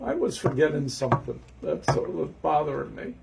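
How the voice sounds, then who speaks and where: A man's voice: a little high, big pitch swings, brisk, creaky, heavy background noise. A man hosting a home cooking show, talking through a recipe in a rambling way while he cooks in his kitchen and often loses track of the next step. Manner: rambling, talks to himself while cooking, forgets steps. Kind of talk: casual cooking demonstration.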